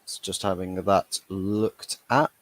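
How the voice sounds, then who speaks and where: A man's voice: low voice, steady tone, takes it slowly, no room sound. A young man hosting a fan watchalong, chatting casually through the match and laughing at his own jokes. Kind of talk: live match reaction commentary.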